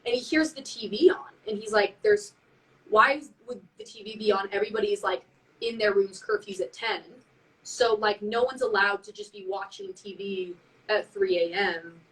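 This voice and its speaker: Animated woman telling a spooky story. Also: mid-range voice, moderate pace, far from the mic, poor audio. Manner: animated, heavy use of "like", acts out quotes. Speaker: band member on a live stream. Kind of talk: casual storytelling.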